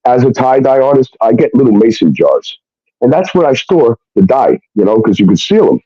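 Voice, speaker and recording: A man's voice: medium pitch, big pitch swings, normal speed, dark tone, dry recording. A man telling a personal story in a casual, emphatic way, often swearing and tagging sentences with "okay?". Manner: emphatic, profane, keeps adding "okay?". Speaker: guest. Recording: dull, dry lo-fi sound.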